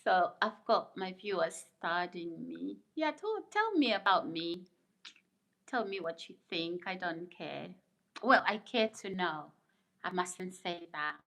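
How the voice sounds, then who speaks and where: Middle-aged woman host for a casual live stream; slow, low-set voice, chatty and quick to laugh while reading viewer comments. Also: lively intonation, vocal fry, a bit bright. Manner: chatty, laughs often, muses aloud.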